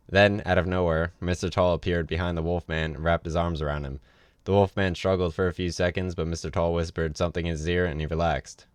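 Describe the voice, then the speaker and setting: A man's voice: low voice, dry recording, clean studio sound. A man reading a novel aloud on a livestream, in a casual way with offhand asides. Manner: casual read with ad-libbed asides. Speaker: reader.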